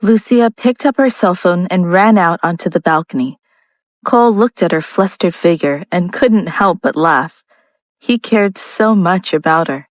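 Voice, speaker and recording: A woman narrating a romance audiobook in a steady, even reading style. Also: fairly low pitch, a little slow, dry recording, low-quality recording. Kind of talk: scripted narration.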